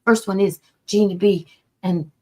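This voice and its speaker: A woman's voice: medium pitch, fairly even intonation, measured pace. A woman from Quebec hosting a casual chat, chatty and joking, laughing often. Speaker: host.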